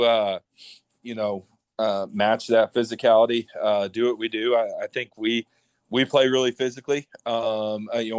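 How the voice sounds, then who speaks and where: A high school football coach with a low, even voice and a Midwestern American accent. He answers radio interview questions haltingly, full of fillers and restarts, on a dry, close mic. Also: no room sound.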